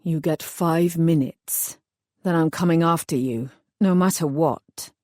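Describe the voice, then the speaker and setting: A woman voicing a kind, protective male fairy who speaks quietly and earnestly in an audiobook. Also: sits low, measured pace, no echo, studio quality.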